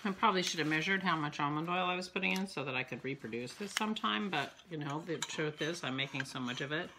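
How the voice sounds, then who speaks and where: A woman's voice: low-pitched, lively intonation, fast, background noise. A woman vlogging casually at home, chatty and self-mocking, thinking aloud as she works. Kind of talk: casual vlog narration. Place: home kitchen.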